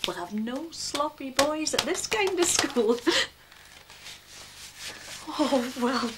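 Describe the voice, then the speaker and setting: A woman's voice: high-pitched, lively intonation, slow pace, very noisy. A prim mother. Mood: proud. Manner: prim and correcting, tender with her son. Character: proper, fussy mother of a young schoolboy. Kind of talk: television drama acting. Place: breakfast table indoors. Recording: loud clatter of dishes and cutlery.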